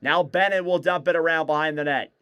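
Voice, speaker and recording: A man calling live hockey play-by-play on a fan stream, in rapid clipped play calls that rise on shots. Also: on the high side, steady tone, smooth, dull audio. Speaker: play-by-play commentator.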